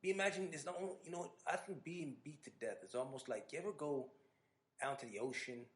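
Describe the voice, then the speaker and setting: A man's voice: a little high, a little fast, roomy sound. A man co-hosting a podcast in casual chat, laid-back, often restarting his words. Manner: frequent backchannels, laid-back, repeats words when starting. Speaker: podcast co-host. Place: garage.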